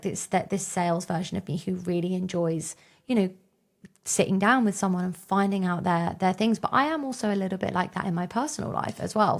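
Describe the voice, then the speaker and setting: Woman in her 30s, solo podcast host, casual and upbeat, creaky texture, recorded outdoors. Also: medium pitch. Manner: chatty and upbeat, lots of fillers. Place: outdoors on a hot, windy day.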